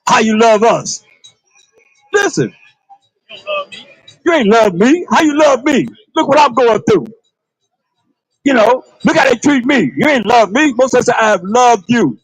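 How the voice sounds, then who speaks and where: Male priest, husky, fairly high voice, dry close sound, conversational sermon, repeats himself, rhetorical questions. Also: lively intonation, unhurried, long pauses, no echo, poor audio. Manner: colloquial, calls on a reader to read. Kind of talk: livestreamed sermon.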